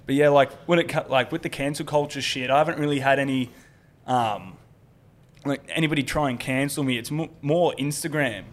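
A young Australian man, a guest comedian, telling dark stories on a podcast in a casual way, swearing freely and laughing as he goes. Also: mid-range voice, a little fast. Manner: swears freely, laughs through his stories, quotes people in put-on voices.

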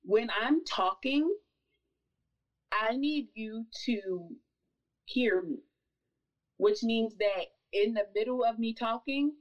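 A woman with a fairly high voice speaks with conviction, pressing her points harder and harder. She sits a little away from the microphone, so her voice carries some distance. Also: muffled recording. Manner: emphatic, building to forceful insistence. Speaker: podcast guest. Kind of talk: impassioned conversational talk.

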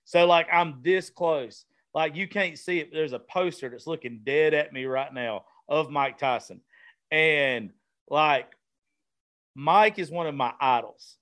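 A man with a Southern drawl talks casually and curses freely, pitched a touch high. He rambles loosely, like a host riffing with guests. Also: measured pace, a bit bright. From American South. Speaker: podcast host, comedian. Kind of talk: casual profane chat. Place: studio room with vintage decor.

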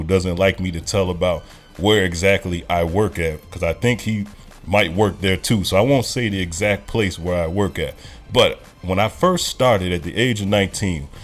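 A man hosting a casual podcast, telling a loose, profane story. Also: low-pitched. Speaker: podcast host.

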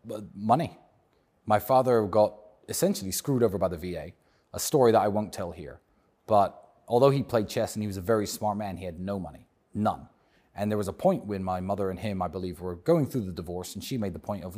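This man speaks with a British accent in a low, slightly husky voice. He answers questions conversationally but with emphasis, leaning on repeated phrases to drive his points home. His tone stays low and a little rough. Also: fairly quick, mellow. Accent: British English. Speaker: interview guest.

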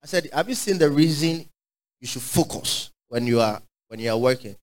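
A man preaching a sermon, fervent and call-and-response, swinging from shouts to quiet asides. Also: medium pitch, lively intonation, normal speed, rough recording.

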